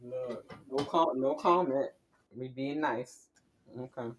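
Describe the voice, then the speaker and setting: A woman from New York hosting a casual reaction panel, blunt and quick to laugh and trash-talk. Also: a bass voice, slight background noise, low-quality recording. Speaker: panel host.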